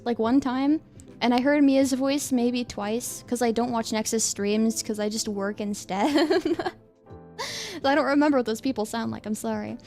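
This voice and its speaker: A woman's voice: sits high, darkish tone. A young woman streaming as a VTuber, chatting casually and reading viewer comments in a giggly, rambling way. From United States. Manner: giggly, rambling, quick asides.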